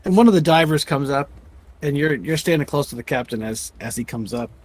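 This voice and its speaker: Game master guy, rambling, lots of restarts, highish voice. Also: expressive, brisk, darkish tone. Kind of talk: narrating a tabletop game.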